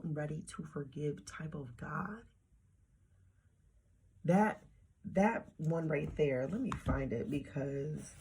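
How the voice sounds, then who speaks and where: Low gravelly husky woman talking faith. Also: dark tone, slight background noise. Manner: slangy, emphatic, drops to whispers. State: heartbroken after a breakup. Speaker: faith vlogger. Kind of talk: casual devotional talk to camera.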